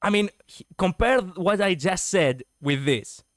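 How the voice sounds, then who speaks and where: A man's voice: high voice, expressive, measured pace, no room sound. A male streamer giving casual reaction commentary, rambling with lots of fillers and the odd swear word, speaking close to his mic. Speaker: streamer reviewing lore videos.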